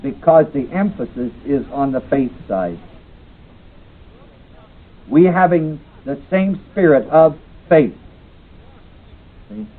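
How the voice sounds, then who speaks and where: A man's voice: on the high side, lively intonation, slow, pauses often. A man teaching a Bible class, reading verses aloud and quizzing his class, on a tinny old tape recording. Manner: reads scripture aloud, then asks the class questions.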